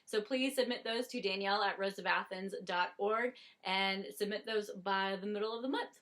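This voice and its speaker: Woman, Southern US accent, co-host, casual webcast chat, bright voice, upbeat. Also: mid-range voice, moderate pace. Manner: chatty, upbeat, with thank-yous and laughs. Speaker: theater company co-host.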